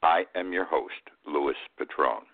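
A man's voice: a bass voice, unhurried. A man in his eighties hosting a radio talk show, giving plainspoken, opinionated commentary. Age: 80s. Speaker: host. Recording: tinny phone-like line.

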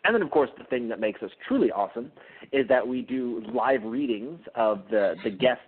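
A man guesting on an interview show, talking with eager energy and stumbling through fillers and restarts. His voice sits at an ordinary middle pitch. It comes through a narrow, phone-like line. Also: lively intonation, normal speed, breathy edge. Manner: enthusiastic, with frequent fillers and restarts. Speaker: guest author. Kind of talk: casual interview chat. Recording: tinny phone-line sound.

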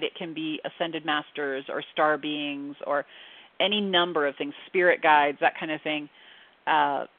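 A woman, a guest medium, talking in a slow, earnest way with many fillers. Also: low voice. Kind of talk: casual interview talk. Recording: tinny phone-line audio.

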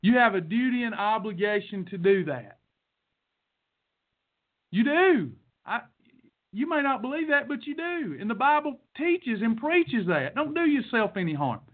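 Man, high-pitched, fiery folksy motivational rant, tinny phone-like sound. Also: big pitch swings, measured pace. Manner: fiery, blunt and folksy, with sermon-like repetition. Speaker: podcast host. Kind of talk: preachy motivational monologue.

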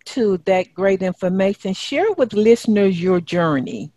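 A woman's voice: mid-range voice, animated, unhurried, dark tone, no echo. A woman with a Southern American accent hosting a radio interview show, speaking with upbeat enthusiasm.

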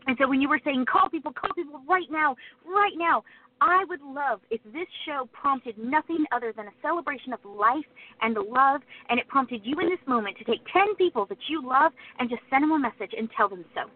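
A woman's voice: sits high, expressive, brisk. A woman co-hosting a casual faith podcast, chatty and fond of long stories. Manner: chatty, storytelling, wordy. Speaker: co-host. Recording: tinny phone-like sound.

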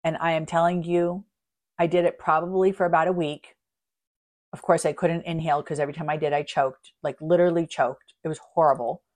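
Animated woman telling a personal story. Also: low-pitched, a little fast. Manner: animated, laughing, self-mocking. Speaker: podcast host.

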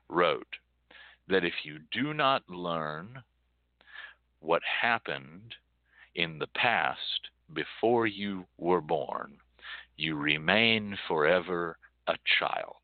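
Slow-talking man ranting, tinny audio. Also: low-pitched, animated, dry recording. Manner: swings from loud outbursts to hushed, near-whispered dread. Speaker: show host. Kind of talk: impassioned monologue. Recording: tinny phone-like audio, dry.

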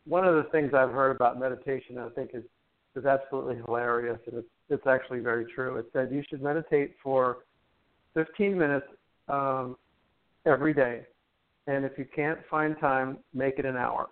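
A man guest on a talk show, gently explaining breath and meditation in a chatty, teacherly way with playful jokes. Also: medium pitch, steady tone, moderate pace. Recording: tinny phone line.

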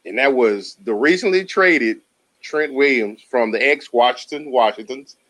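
A man's voice: medium pitch, moderate pace, a bit bright. A man co-hosting a casual sports talk show, slangy and laughing often. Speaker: podcast co-host.

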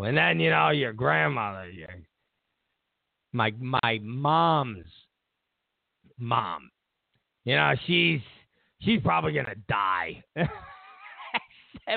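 Gravelly man rambling on a tinny line. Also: medium pitch, big pitch swings, slow pace, long pauses, no echo. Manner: rambling storyteller with many restarts and fillers. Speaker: host. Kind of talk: casual political talk show monologue.

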